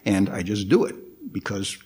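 In a Buddhist temple hall, a guest meditation teacher gives a dharma talk, speaking slowly with a lively pitch. He is halting and reflective, full of fillers and restarts, and poses questions to the audience.

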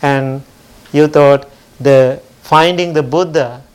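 Slightly high-voiced man giving a gentle sermon. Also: fairly even intonation, takes it slowly, clear, resonant tone. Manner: gentle storytelling, simple phrasing. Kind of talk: sermon with a parable.

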